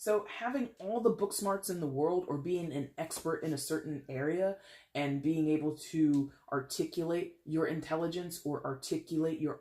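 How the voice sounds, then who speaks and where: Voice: medium pitch, a little mellow. A tarot reader giving a casual solo reading to camera, blunt and sassy, swearing freely and chatty, with laughs and restarts. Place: alone in a room at home. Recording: echoey room.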